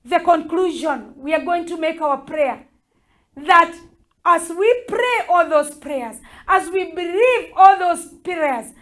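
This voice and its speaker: Fervent high-voiced woman bishop preaching. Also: a bit bright. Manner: fervent, repetitive exhortation. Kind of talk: prayer sermon.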